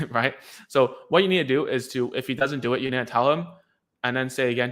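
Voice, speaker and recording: A man with a medium-pitched, fairly bright voice speaks briskly as he coaches parents on their child's speech. This speech therapy coach's casual advice video is loose and chatty, packed with fillers, restarts, and slang like "dude."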